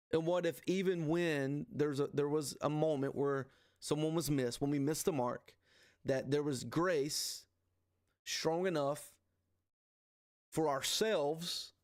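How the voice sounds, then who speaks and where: A man's voice: a little high, dry recording, studio quality. A man in his forties hosting a men's ministry livestream, teaching in an earnest, casual way with plenty of "dude" and "man.". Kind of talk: conversational faith teaching. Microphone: livestream microphone.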